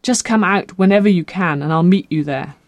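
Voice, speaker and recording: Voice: mid-range voice, a little fast, darkish tone, no room sound, close to an everyday voice. An audiobook reader voicing a desperate young woman caught shoplifting, breathless and pleading.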